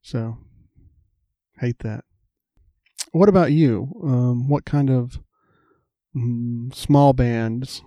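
A man's voice: medium pitch, drawn-out words, long pauses, dark tone, dry recording. A man, chatting casually and telling rambling stories, acting out the voices of people in them. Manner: rambling anecdotes, acts out quoted voices. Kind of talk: casual chat, storytelling.

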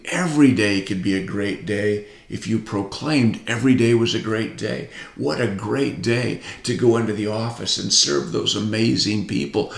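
Slow gravelly guy giving a pep talk, keeps repeating his catchphrase, echoey room. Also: fairly low pitch. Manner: repeats a catchphrase, urges listeners to join in. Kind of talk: motivational talk.

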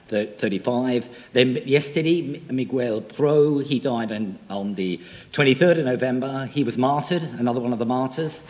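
A man's voice: medium pitch, long reverb tail. An older male priest with an English accent, born in Australia, giving a conversational, self-deprecating homily with frequent fillers.

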